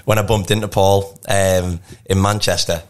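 A man's voice: low-pitched, flat delivery, normal speed. A man with a North East English accent co-hosting a podcast, telling a long rambling anecdote and laughing often. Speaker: podcast co-host. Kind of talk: casual storytelling.

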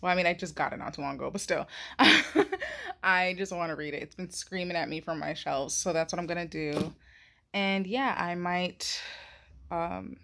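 A woman's voice: on the low side, fairly even intonation, normal speed, gravelly, a bit bright. A young woman hosting a casual reading vlog, talking chattily and rambling with plenty of fillers. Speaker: booktuber vlog host.

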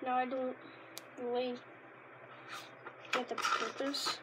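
A woman rambling casually in a vlog, easily delighted and bursting into loud exclamations. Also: high voice, little pitch movement, slow pace, very noisy. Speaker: Pokémon card reviewer. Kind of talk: casual unscripted vlog chat.

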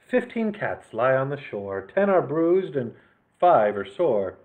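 A man hosting a children's library story time, reading picture books aloud with animated delivery and chatty asides. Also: mid-range voice, takes it slowly. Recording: lo-fi phone-like sound.

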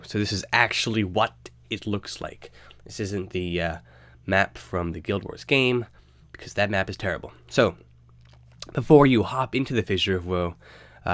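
A man's voice: low-pitched, no echo. A young man with a stuffy, nasal voice from a cold, casually narrating a game guide with loose, rambling fillers. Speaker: game guide video host.

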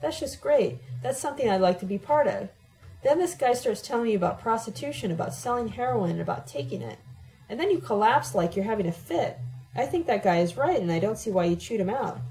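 A woman's voice: a little high, expressive, brisk, dark tone, soft background music, rough recording. A woman reading the part of an exasperated young man who presses with blunt questions, in an audiobook.

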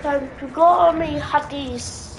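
A woman's voice: high-pitched, slow pace. A woman putting on a pirate captain voice, barking orders in growled pirate slang over her game. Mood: bossy. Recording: noisy home recording.

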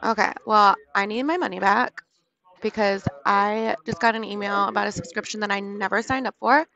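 A woman's voice: medium pitch, steady tone, normal speed, bright, forceful tone, lo-fi sound. A young woman streaming prank calls, playful and giggly, acting impatient and entitled with the callers. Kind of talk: live-stream prank call.

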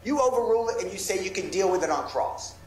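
A man's voice: sits high, lively intonation, fast talker, darkish tone, reverberant, slight background noise, poor audio. A male defense lawyer arguing insistently and passionately before a judge in a courtroom. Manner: impassioned, insistent pleading. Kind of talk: courtroom argument. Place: large courtroom.

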